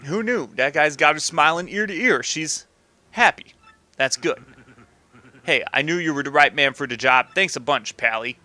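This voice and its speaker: A man voicing a gruff, hot-tempered mob boss who talks like a tough-guy gangster. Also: on the high side, expressive, moderate pace, pushed and bright. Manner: tough-guy mobster talk.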